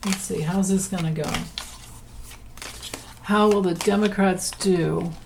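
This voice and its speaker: A woman's voice: on the low side, steady tone, takes it slowly, gravelly, background noise. A woman giving a casual political tarot reading, chatty and rambling, often laughing between points. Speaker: tarot reader.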